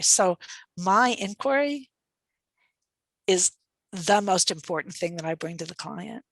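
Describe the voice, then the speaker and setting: A woman's voice: medium pitch, gravelly, a bit bright, dry recording, rough recording. Reflective woman consultant, dry sound. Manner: reflective, thoughtful, light laughter. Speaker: guest speaker and consultant. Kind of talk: online webinar Q&A answer.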